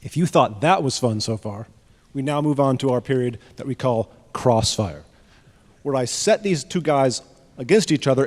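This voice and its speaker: Man moderator, middle pitch, calm directing tone, roomy hall echo. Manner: relaxed, directing the speakers. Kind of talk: moderating a debate. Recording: echoey hall.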